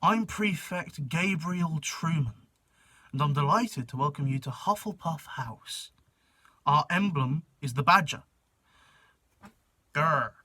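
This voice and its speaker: A man's voice: on the high side, lively intonation, takes it slowly, pauses often, bright, forceful tone, no room sound, full character voice. A man putting on an English voice to play a welcoming male school prefect, reading aloud in a mock-formal tone.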